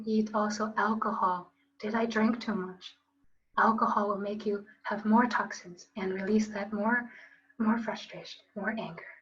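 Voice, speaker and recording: A woman's voice: a little high, lo-fi sound. A woman teaching a qigong class online, coaching students in an upbeat, playful way with call-and-response phrases. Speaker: qigong instructor.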